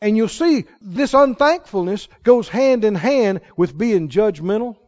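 A man preaching with a very high, lively voice that swoops and climbs to shouted peaks. He acts out quotes and reads scripture with dramatic weight. The sound is dull and lo-fi. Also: unhurried. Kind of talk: sermon.

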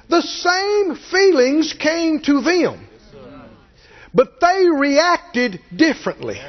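Lively high-pitched preacher, unhurried. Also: male voice, highs cut off. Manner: animated, swinging from low asides to shouted high peaks; folksy, jokes with the congregation. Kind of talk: sermon.

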